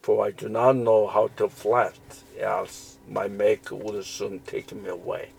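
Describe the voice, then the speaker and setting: A Bible teacher slowly reads scripture aloud and explains it, restarting often and using fillers. His low, level voice has vocal fry and a darkish tone, and he speaks a little slowly. The low-quality recording carries slight hiss or hum.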